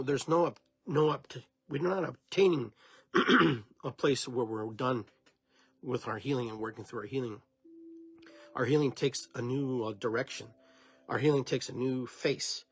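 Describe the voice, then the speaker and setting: A man's voice: medium pitch, slightly rough. A man hosting a podcast, giving an unscripted spiritual talk in a meandering, reflective way with many restarts. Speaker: podcast host.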